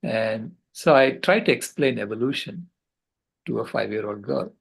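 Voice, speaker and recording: Gravelly older man telling an earnest story. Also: medium pitch, expressive, rough recording. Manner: earnest, passionate, with halting restarts. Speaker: conference speaker. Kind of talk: storytelling talk. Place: at home on a video call. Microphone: video call.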